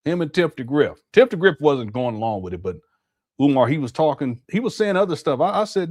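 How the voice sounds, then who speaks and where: A man's voice: a little high, sing-song, fairly quick, darkish tone, dry recording, studio quality. A man chatting casually on a live stream, musing aloud and repeating himself as he comments. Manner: rambling, musing, with a lot of repetition.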